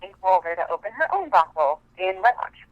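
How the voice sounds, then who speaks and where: A woman's voice: mid-range voice, big pitch swings, a little fast, dry recording. A woman from Montana rambles through her story, heavy on fillers. She calls in on a phone line that sounds dull and lo-fi. The sound is dry. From Montana, USA. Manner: chatty, rambling with many fillers. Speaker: caller.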